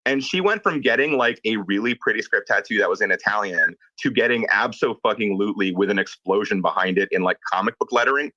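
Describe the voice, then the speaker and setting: A man, a tattoo artist, chatting casually and telling an animated story with quoted dialogue. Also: fairly low pitch, fairly quick, no room sound, lo-fi sound. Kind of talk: casual chat.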